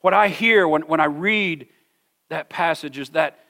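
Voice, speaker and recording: A middle-aged pastor with a fairly high voice for a man, preaching to a gathered congregation. He speaks earnestly, doubling back on words and slowing down to let a point sink in. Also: creaky, pushed and bright. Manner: earnest, repeats words, slows down for emphasis. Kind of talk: sermon. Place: church hall with a congregation.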